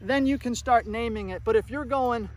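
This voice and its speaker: Very high-voiced upbeat male dog trainer. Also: normal speed, a little hiss or hum. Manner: upbeat, coaching, praises the dog. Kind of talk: casual training tutorial.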